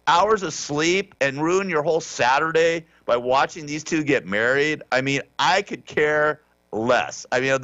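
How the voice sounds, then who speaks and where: A Southern California man hosts a casual talk radio show, his voice on the high side with a fairly bright tone. He rambles through the day's stories offhandedly and sarcastically, restarting often, on a dry, dull-sounding recording.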